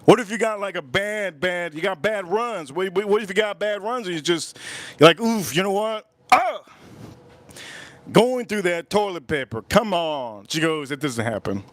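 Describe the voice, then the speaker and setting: A man's voice: high-pitched, animated, moderate pace, fairly bright tone. A man hosting a livestream, telling a story in casual chat, rambling and repeating his phrases over and over. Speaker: livestream host.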